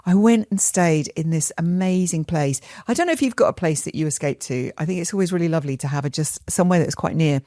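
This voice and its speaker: Low-voiced woman, chatty co-host. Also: mellow, no room sound, studio quality. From England. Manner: chatty, rambling storytelling with quick asides. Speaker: podcast co-host. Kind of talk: casual chat.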